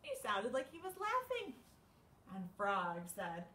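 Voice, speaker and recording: A woman hosting a children's storytime, reading a picture book aloud in an animated, sing-song way with playful gasps. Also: a little high, unhurried, distant mic. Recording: echoey room with faint background noise.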